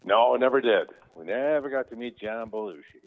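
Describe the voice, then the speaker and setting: A man telling casual stories, lively, often acting out what others said in raised voices. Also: medium pitch, moderate pace. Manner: animated, quotes people in raised voices. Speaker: guest telling stories about his brother. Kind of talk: casual anecdotal storytelling. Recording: tinny phone-like line.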